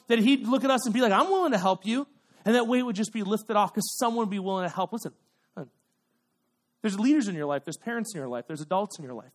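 A young man preaches to a youth group with a high voice. He talks loosely, with plenty of fillers and "okay?" checks, and acts out little voices for his examples. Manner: chatty, full of fillers and "okay?" asides. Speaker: youth pastor. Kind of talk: sermon.

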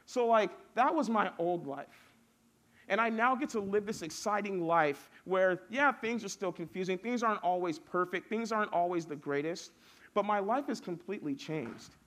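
Young male preacher, casual youth-sermon delivery, slightly higher voice, builds emphatic lists. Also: sharp tone. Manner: casual, storytelling, builds lists with rising force.

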